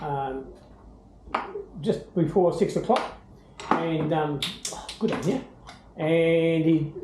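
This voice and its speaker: An older Australian man chatting casually about his pet bird, rambling with many ums and breaking into high baby-talk. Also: echoey room, background noise. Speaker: bird owner. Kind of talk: casual home video chat.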